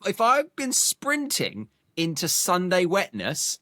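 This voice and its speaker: An excitable male podcast co-host in casual chat, with a jokey, lively banter manner. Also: high-pitched, slow pace, no echo, clean studio sound.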